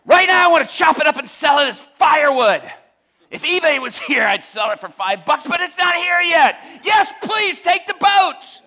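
A preacher shouting as a furious, fed-up fisherman. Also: extremely high pitch, big pitch swings, fast talker, few pauses, some chatter behind, pitched above the performer's own voice, full character voice. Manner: shouting, exasperated ranting. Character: furious middle-aged male fisherman yelling at his crew.

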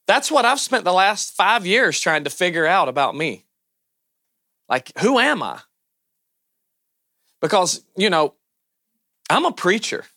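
A man with a Southern American accent preaching a sermon as a pastor, loud, animated and self-deprecating. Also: high-pitched, a little slow, long pauses, no room sound, studio quality.

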